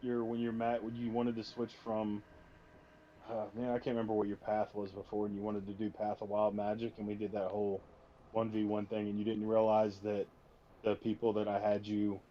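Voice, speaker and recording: A game master and host who runs tabletop games speaks in a fairly low pitch with a completely flat delivery, fairly quickly, over slight background noise. In casual chat he tells stories, interrupts and restarts himself often, and swears for emphasis. The lo-fi stream audio is slightly muffled.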